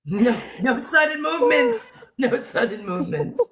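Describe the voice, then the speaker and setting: A woman hosting a casual live stream chat who laughs often and talks in an animated way. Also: sits high, normal speed.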